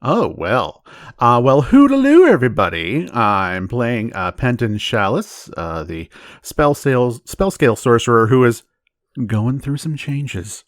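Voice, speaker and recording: A man's voice: medium pitch, takes it slowly, fairly bright tone, dry recording, clean studio sound. A man chatting as a player on a tabletop game podcast, laughing easily and hesitating often. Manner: chuckling, hesitant, searching for words.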